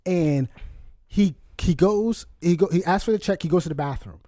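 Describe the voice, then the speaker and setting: A young man telling a funny family story on a podcast, animated, often laughing and acting out quotes. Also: high voice, brisk, no echo, studio quality. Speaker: podcast co-host. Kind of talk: casual storytelling chat.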